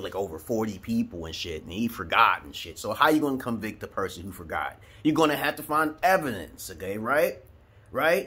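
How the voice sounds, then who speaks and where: A man's voice: medium pitch, a bit bright, husky. A man from Brooklyn talking to camera in a profane, rambling monologue. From Brooklyn, New York, USA. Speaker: vlogger.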